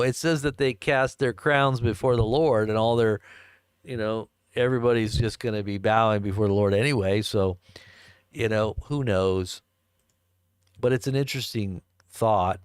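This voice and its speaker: A man's voice: lowish voice, clear, resonant tone, no echo, studio quality. A man hosting a live stream, rambling in a casual, joking way and chuckling as he answers chat. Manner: rambling, chuckling, jokey asides.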